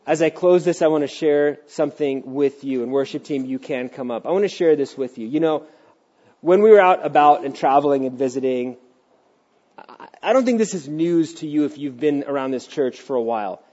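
A middle-aged man preaching in church with a slightly raised pitch, lively and expressive, sometimes sinking to a soft, hushed delivery. The recording is dull and lo-fi, with muffled highs. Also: normal speed. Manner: animated, acts out voices, drops to a hushed tone. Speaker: pastor. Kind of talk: sermon. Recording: dull lo-fi sound.

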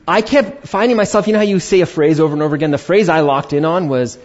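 A middle-aged pastor with a fairly high voice tells a personal story during a sermon, talking fast with few pauses. He's animated and conversational, acting out the dialogue, and the recording is dull and lo-fi.

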